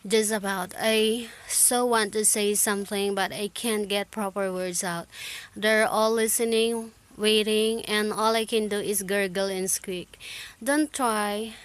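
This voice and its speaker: A woman with a Filipino accent reading a novel aloud as English practice, slow and halting, often restarting and correcting herself. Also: mid-range voice, steady tone.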